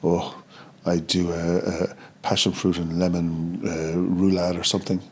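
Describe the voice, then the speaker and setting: A middle-aged Irish man chatting as a podcast guest, starting and restarting phrases, and lively when he acts out what others said. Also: low-pitched, slight background noise. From Ireland. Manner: halting, repeats words, animated when quoting others. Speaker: podcast guest, chip shop co-founder. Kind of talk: casual interview storytelling.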